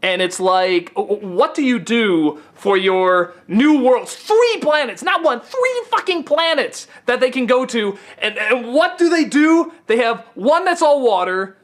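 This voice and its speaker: A man giving a casual, profane film review rant, stammering and sarcastic, often getting excited. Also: very high-pitched, a little slow, hardly any pauses. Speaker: film critic.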